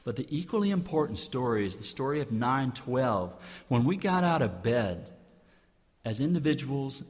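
A clergyman giving an earnest inspirational public talk, building his points through rhetorical repetition. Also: medium pitch. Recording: long hall reverb.

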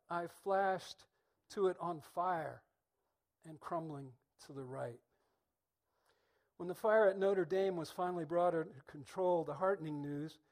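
A middle-aged man with a somewhat high voice preaches a reflective sermon. He speaks thoughtfully and in measured phrases, letting pauses sit between his words.

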